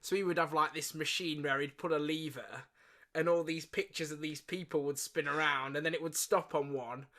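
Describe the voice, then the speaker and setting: Animated man retelling old shows. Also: moderate pace. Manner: animated storytelling, slips into high-pitched impressions. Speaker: podcast co-host. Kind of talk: casual chat.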